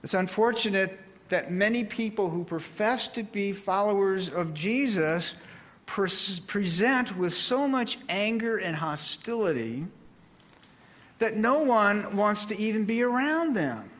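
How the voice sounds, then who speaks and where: A man preaching a sermon, with a slow, deliberate delivery and measured pauses. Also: sits high, animated, fairly bright tone.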